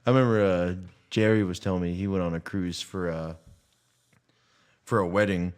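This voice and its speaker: A man's voice: deep voice, fairly even intonation, normal speed, smooth. A man co-hosting a casual podcast, telling crude stories with lots of fillers. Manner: crude storytelling banter. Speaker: podcast co-host. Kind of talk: casual chat.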